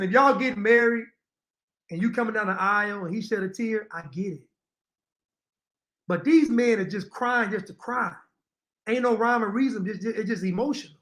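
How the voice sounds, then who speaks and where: A man's voice: very high voice, fairly bright tone. A man giving opinionated reaction commentary to viewers, repeating his points and addressing them directly. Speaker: commentary streamer.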